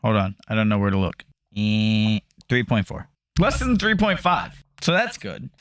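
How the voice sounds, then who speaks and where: A man's voice: fairly low pitch, lively intonation, moderate pace, no room sound, studio quality. A man co-hosting a real estate market update in casual chat, loose and profane and often laughing.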